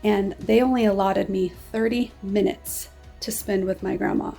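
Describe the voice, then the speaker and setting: A woman's voice: mid-range voice, fairly even intonation, normal speed, creaky, mellow, slightly rough, faint music behind. A woman vlogger talking casually and enthusiastically to her viewers. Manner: enthusiastic and chatty.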